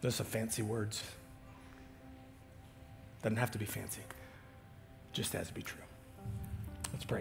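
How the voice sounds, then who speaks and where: A pastor preaching a sermon, swinging from loud emphatic lines to hushed near-whispers, with halting restarts. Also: male voice, lowish voice, steady tone, vocal fry, soft background music.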